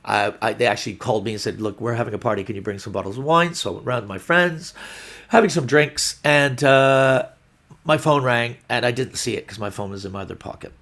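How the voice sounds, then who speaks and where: A man's voice: medium pitch, fairly quick. A man, a comedian, telling a rambling anecdote in casual chat, acting out quotes and restarting sentences. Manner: rambling, animated storytelling with restarts and acted-out quotes. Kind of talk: storytelling on a podcast.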